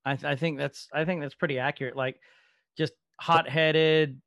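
Animated man on a dry mic. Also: on the high side, normal speed, gravelly, no room sound. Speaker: podcast co-host. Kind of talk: casual chat.

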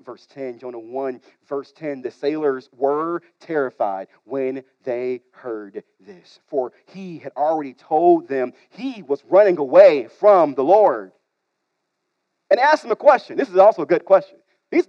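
Pastor guy preaching, high voice, dry dull-sounding recording, lots of loud bits and soft asides. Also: no echo. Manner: animated preaching, swings between loud emphasis and quiet asides; repeats words, talks straight to the congregation. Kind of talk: sermon.

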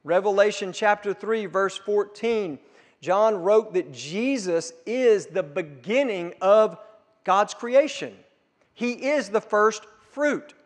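A man with a high voice preaches a sermon in a church sanctuary, speaking slowly and deliberately. He stacks repeated phrases that build to forceful peaks. The sound rings with the long reverb of a large hall. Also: lively intonation. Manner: building emphatic repetition, rising to forceful peaks. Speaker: pastor.

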